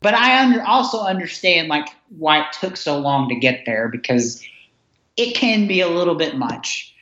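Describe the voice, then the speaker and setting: A man's voice: fairly high pitch, sing-song, moderate pace, sharp tone. A man, a podcast guest, chatting enthusiastically about old films, rambling with restarts. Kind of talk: casual chat. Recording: roomy, dull lo-fi sound.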